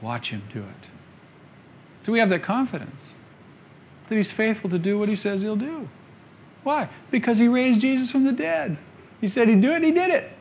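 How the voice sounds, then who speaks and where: A male preacher with a rather high voice delivers an emphatic sermon. He sinks into hushed lines and then lifts to strong, loud ones. The recording sounds dull and lo-fi. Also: very animated, brisk, a little hiss or hum. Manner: emphatic, swinging from quiet to loud. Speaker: pastor.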